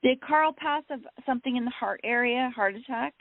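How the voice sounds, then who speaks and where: A woman co-hosting a call-in radio show as a psychic medium, passing along messages in a gentle, reassuring way. Her voice sits a little high. It comes through a dry, tinny line that sounds like a phone. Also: fairly quick, dry recording. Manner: gentle, reassuring, repeats phrases.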